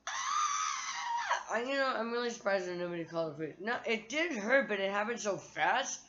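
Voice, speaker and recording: A woman's voice: mid-range voice, expressive, quick pace, fairly bright tone, shouting, muffled recording. A woman vlogger talking to her phone in a candid, profane, rambling monologue.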